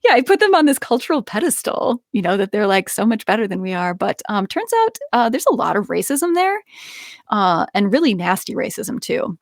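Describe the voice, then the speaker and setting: A young woman telling a personal story in casual conversation, animated, with frequent laughs and many restarts. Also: medium pitch, fairly quick, no room sound, clean studio sound. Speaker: podcast guest.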